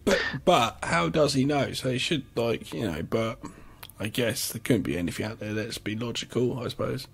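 A man co-hosting a film podcast, adding quiet, trailing asides in casual chat. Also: medium pitch, normal speed, creaky, slightly rough. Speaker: podcast co-host.

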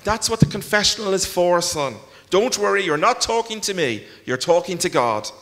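Man voicing stern elderly priest, indignant; lively intonation, long reverb. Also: sits high, moderate pace, voice pushed up. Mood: scolding. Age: older than 60. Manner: scolding, exasperated, indignant. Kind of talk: live reading aloud. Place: large concert hall. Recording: long concert hall reverb.

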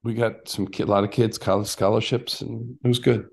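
A man's voice: on the low side, level tone, a little fast, creaky, a little mellow, breathy edge. An older man, a former actor and basketball coach, chatting in an interview and telling stories in a rambling way with frequent restarts and asides. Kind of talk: casual interview storytelling.

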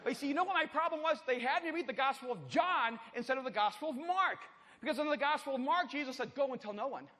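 High, bright-voiced preacher in a hall. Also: male voice, quick pace, slight background noise. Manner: animated, swings from loud bursts to hushed intensity. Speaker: conference speaker. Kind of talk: storytelling sermon. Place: church auditorium. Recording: large hall with long reverb, faint ambience.

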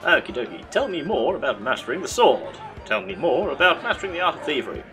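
A man's voice: a little high, big pitch swings, fast, bright, forceful tone, faint music behind, a faint crowd. A man giving casual, sarcastic commentary while he plays a game. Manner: chatty, sarcastic, laughs at his own mishaps. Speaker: let's play host.

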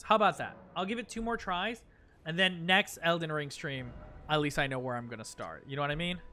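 Bright-voiced man streaming a game. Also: fairly high pitch. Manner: chatty, self-mocking, repeats phrases under his breath. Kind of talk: live gameplay commentary.

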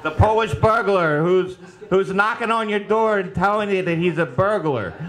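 A man telling short jokes on a comedy panel in a slow, halting way. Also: high-pitched, heavy background noise.

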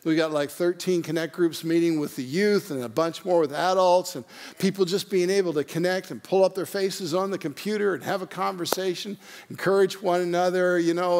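A man's voice: sits high, steady tone, a little fast, a little mellow. A male pastor opening a sermon in a casual, chatty way, joking and using many fillers and restarts. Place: church online service.

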